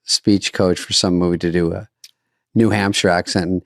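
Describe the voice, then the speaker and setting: A man's voice: low-pitched, little pitch movement, moderate pace, gravelly, no echo, clean studio sound. A man co-hosting a podcast in casual chat, easygoing and wry, often answering with short agreeing words. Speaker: podcast co-host.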